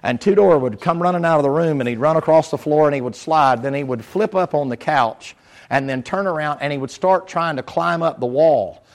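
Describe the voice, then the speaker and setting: A man's voice: fairly high pitch, a little fast. A man preaching a sermon, moving from folksy storytelling to fervent exhortation.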